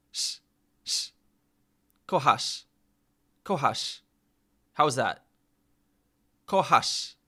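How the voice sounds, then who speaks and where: A man's voice: medium pitch, bright, forceful tone. A man vlogging as he practises pronunciation, repeating words over and over and mocking his own attempts. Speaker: vlogger learning a language. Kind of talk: casual vlog practice session.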